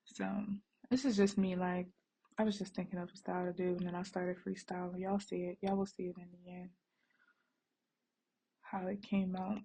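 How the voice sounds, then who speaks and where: A woman's voice: on the low side, flat delivery, normal speed, gravelly, mellow, breathy edge. A woman vlogging at home while she braids her daughter's hair, chatting to viewers in a rambling, easygoing way and calling them y'all. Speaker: vlogger and mother. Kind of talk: casual chat to viewers. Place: home, working on a bed.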